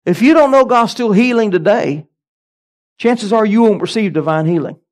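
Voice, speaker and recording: A man's voice: high voice, expressive, normal speed. A middle-aged man, a pastor, preaching a sermon with emphatic delivery and frequent amens.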